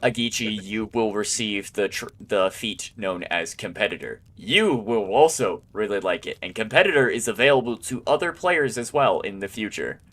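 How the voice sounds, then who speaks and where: Low-voiced bright male game master. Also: moderate pace, hardly any pauses. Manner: relaxed, rambling with many fillers. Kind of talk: running an online tabletop game.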